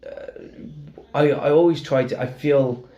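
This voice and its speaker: A man's voice: mid-range voice, unhurried, warm tone, lo-fi sound. A man with a Welsh accent hosting a casual podcast chat, rambling and emphatic, swearing now and then. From Wales. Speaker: podcast host.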